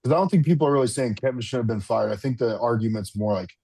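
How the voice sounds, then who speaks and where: A man's voice: mid-range voice, racing, creaky, dark tone, husky, no echo. A man co-hosting a casual sports chat over a remote video call, rambling with lots of fillers, restarts and some swearing. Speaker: podcast co-host and football fan.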